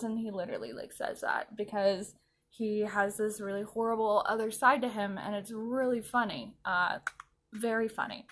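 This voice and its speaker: A woman's voice: medium pitch, steady tone, normal speed, fairly bright tone. A woman vlogger chatting casually while doing her makeup at home, rambling and laughing often. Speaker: anime vlogger.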